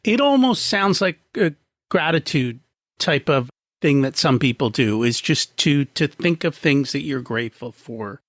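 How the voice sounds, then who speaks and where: A man's voice: fairly high pitch, expressive, unhurried, a bit bright, dry recording. Man hosting a podcast, dry sound. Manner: curious, joking. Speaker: podcast host. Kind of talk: interview questions.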